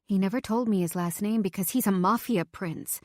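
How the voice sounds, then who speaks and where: A young woman tells a romance story in the first person, lively and expressive, dropping now and then into a soft hush. The recording is dry and close, with no room sound. Her pitch sits in a middle range. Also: normal speed, no room sound. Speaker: audiobook narrator.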